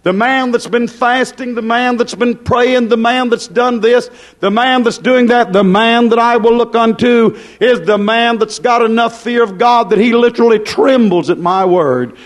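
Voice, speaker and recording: A high-pitched male preacher delivers a fiery revival sermon. He hammers his warnings through repetition, and his pitch climbs and sinks as he goes. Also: normal speed, hardly any pauses.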